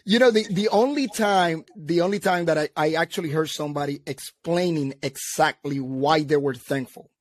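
A man with a fairly high voice tells stories from his army days in a casual chat, slipping into voices for the people he quotes. The sound is dry and close. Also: normal speed, hardly any pauses, no echo. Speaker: veteran guest.

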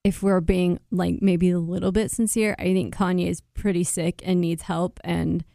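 A woman's voice: on the low side, warm tone, clear, resonant tone, dry recording. A woman co-hosting a casual pop-culture chat, easygoing with a dry sense of humor. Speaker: podcast co-host.

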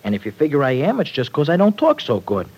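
A man's voice: a little high, wildly swooping pitch, fast, a little mellow, husky, exaggerated voice, rough recording. A slangy tough young guy. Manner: slangy tough-guy talk, dropped grammar. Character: tough streetwise young working-class man. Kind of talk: 1940s radio acting. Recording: old radio broadcast recording.

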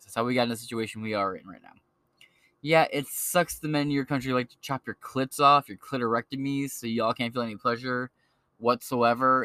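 A man's voice: medium pitch, bright, forceful tone, no room sound. A man hosting a podcast, ranting in a blunt, crude and mocking way. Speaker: podcast host. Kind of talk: profane political rant.

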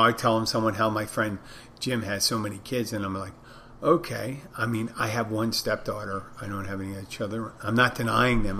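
A bartender hosting a podcast tells a rambling anecdote in a casual monologue, acting out both sides of the conversation. His voice is fairly low and a bit bright, with a little hiss or hum on the recording.

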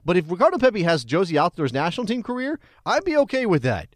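A man's voice: high-pitched, big pitch swings, fast, no echo. Rambling dry-voiced male podcast host. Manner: rambling, laughs often, restarts. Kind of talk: casual sports chat.

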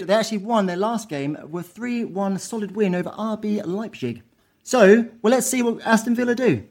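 A man hosting a casual football podcast, brash and swearing freely between quick bits of banter. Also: sits high, a little mellow. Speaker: podcast host.

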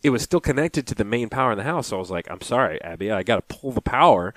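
A man's voice: mid-range voice, quick pace. A man spins a casual podcast story, his voice rising and falling a lot as he acts out both sides of a phone call. The sound is dry and close, with no room echo. He talks in a mid-range voice with an easy, chatty flow. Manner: animated storyteller acting out phone calls. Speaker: podcast co-host. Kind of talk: casual chat.

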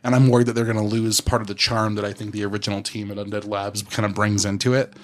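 A man's voice: on the low side, flat delivery, fast. Male podcast guest, casual and wordy, restarts often. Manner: rambling, with restarts and fancy words. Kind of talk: casual gaming podcast chat.

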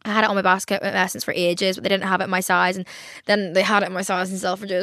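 A woman's voice: mid-range voice, little pitch movement, quick pace, fairly bright tone, dry recording, clean studio sound. A young woman in her twenties hosting a podcast, chatting casually with lots of fillers and casual swearing. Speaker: podcast host. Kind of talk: casual solo chat.

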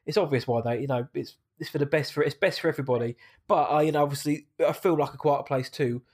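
A man's voice: a little high, quick pace, darkish tone. A British man co-hosting a casual movie podcast, a bit nasal from hay fever, chatty and enthusiastic. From Britain. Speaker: podcast co-host.

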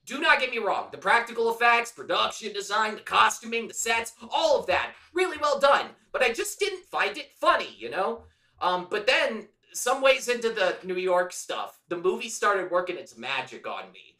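A man's voice: high-pitched, big pitch swings, moderate pace, sharp tone, reverberant, recorded from a distance. A man co-hosting a podcast, reviewing a film in casual, profane, enthusiastic chat. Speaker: podcast co-host.

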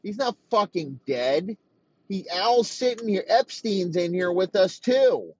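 A man's voice: mid-range voice, a little slow, dry recording, muffled recording, natural voice. Man doing an enraged, foul-mouthed football coach. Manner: profane, berating, escalating yelling.

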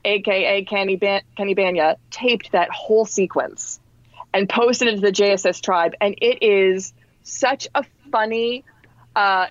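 A woman in her forties from New Jersey, a podcast guest telling a story in a chatty, animated way with fillers. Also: mid-range voice, no room sound, lo-fi sound. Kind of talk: casual storytelling.

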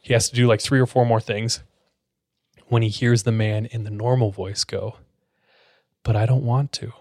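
A man's voice: on the low side, level tone, normal speed, a little mellow, no room sound. A man telling a creepy story to friends in a casual, suspenseful way with plenty of fillers, close to the mic. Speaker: podcast storyteller.

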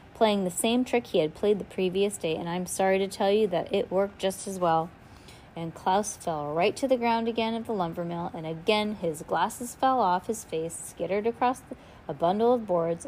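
A woman reads a children's novel aloud in a relaxed, casual way, pausing for little asides of her own. She jumps into lively voices for the characters. A faint hum of noise sits behind her. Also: lowish voice, poor audio. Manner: casual read-aloud with asides and self-corrections. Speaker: reader.

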